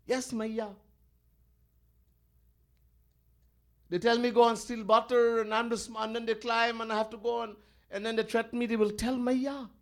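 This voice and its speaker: A man voicing a tiny boy god, indignant and pleading. He sounds aggrieved by the older boys and keeps his tone bright and high. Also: flat delivery, a little fast. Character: mischievous little boy god, youngest brother.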